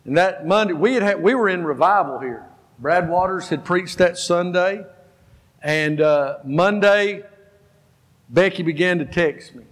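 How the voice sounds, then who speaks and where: Man in his fifties, pastor preaching, high voice, lots of reverb from the church hall; animated storyteller. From Georgia, US. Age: 50s. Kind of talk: sermon. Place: church sanctuary.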